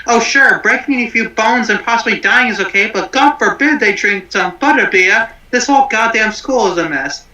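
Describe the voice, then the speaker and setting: A man's voice: high-pitched, expressive, normal speed, hardly any pauses, sharp tone, echoey room, full character voice, poor audio. A man doing a furious swearing chef-teacher. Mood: ranting. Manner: ranting, swearing constantly. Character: foul-mouthed furious celebrity chef teaching at a wizard school.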